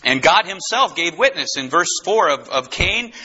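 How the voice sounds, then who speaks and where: A man preaching a fervent, excitable sermon who often bursts into shouts. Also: on the high side, normal speed, husky, highs cut off.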